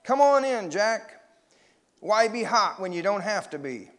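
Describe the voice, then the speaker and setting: A man voicing an eager, daring young boy in a read-aloud story, sounding excited and pleading. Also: a little high, moderate pace, close to an everyday voice.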